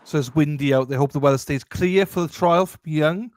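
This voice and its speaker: A man's voice: a little high, normal speed, dry recording. A man co-hosting a livestream, easygoing and agreeable, reading out chat comments.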